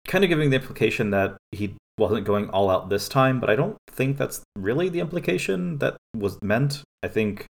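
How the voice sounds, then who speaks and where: A man co-hosting a podcast in casual chat, relaxed and rambling with constant fillers. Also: medium pitch, normal speed, vocal fry, hardly any pauses. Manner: relaxed and rambling, heavy use of "like". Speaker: anime podcast co-host.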